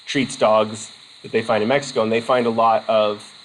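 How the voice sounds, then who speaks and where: A man's voice: on the low side, little pitch movement, moderate pace, slight background noise, rough recording. A man from Vermont giving a casual college lecture, rambling with jokey asides.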